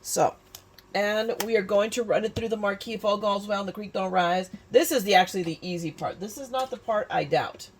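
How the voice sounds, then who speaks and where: A woman of medium pitch talks a little fast, with some faint background noise. This California crafting YouTuber in her fifties keeps her tutorial chat casual, peppered with restarts and self-mocking asides.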